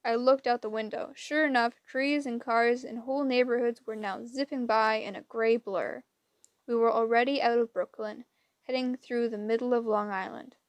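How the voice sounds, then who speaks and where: A woman reading an audiobook with lively, dramatic storytelling. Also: on the high side, moderate pace, dry recording. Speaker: audiobook reader. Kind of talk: expressive audiobook narration.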